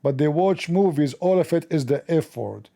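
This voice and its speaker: A middle-aged man hosts a livestream and fires back at his chat with mockery and open challenges. His voice is gravelly, sits a bit high for a man, and has a dark tone. His English is non-native, with loose grammar. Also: expressive, normal speed. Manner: mocking, sarcastic, confrontational. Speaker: livestream host. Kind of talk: combative livestream commentary answering chat.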